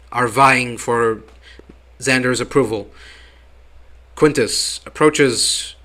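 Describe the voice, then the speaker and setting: A man's voice: medium pitch, sharp tone. A man casually recapping a TV episode, hesitant with many ums and wry asides. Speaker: TV reviewer.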